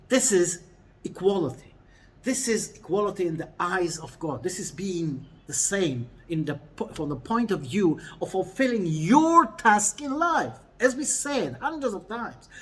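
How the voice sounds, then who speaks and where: A man giving a weekly Torah lesson in a lively, laughing way, often repeating phrases as he explains. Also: high-pitched. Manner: animated, laughing, mixing in Hebrew quotes. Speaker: Torah teacher.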